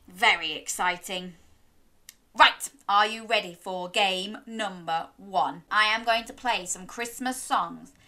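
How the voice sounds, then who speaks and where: Bright, animated woman reading to children. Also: mid-range voice. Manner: sing-song, gasping, encouraging, lively. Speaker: storyteller for young children. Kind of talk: children's story reading with interactive prompts.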